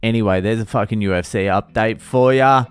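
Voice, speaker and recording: A man's voice: on the low side, a little fast, clean tone, faint music behind. An Australian man hosting a solo podcast, rambling and self-mocking, with heavy swearing in casual talk. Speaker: podcast host.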